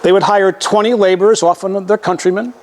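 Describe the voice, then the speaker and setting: A man's voice: high-pitched, steady tone, a little fast, a little mellow. Folksy older man lecturing on local history. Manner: folksy, conversational, with restarts and repetitions. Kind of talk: public history lecture with slides. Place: lecture room with audience.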